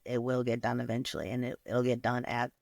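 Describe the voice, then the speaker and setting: A man co-hosting a podcast, speaking calmly and reflectively. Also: mid-range voice, fairly quick, creaky, dry recording, clean studio sound. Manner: calm, reflective, affirming. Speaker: podcast co-host. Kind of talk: casual chat.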